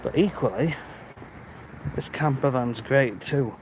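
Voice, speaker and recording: A man's voice: mid-range voice, slow pace, a little hiss or hum. A British man live-streaming as he walks outdoors, chatting casually and greeting viewers by name, recorded on a handheld phone. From Britain. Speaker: livestreamer. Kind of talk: casual live-stream chat while walking. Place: outdoors on a rural walk.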